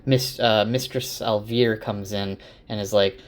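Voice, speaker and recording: A man casually summarizing a novel aloud, rambling with fillers and quick self-corrections. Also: on the low side, steady tone. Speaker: book summarizer. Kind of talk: casual spoken book recap.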